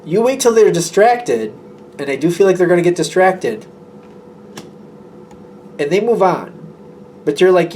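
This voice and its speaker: A man's voice: sits high, animated, measured pace, long pauses, a little mellow, a little hiss or hum. Chatty man reading tarot cards. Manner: chatty, rambling, acts out imagined dialogue. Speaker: tarot reader. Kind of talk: casual tarot reading monologue.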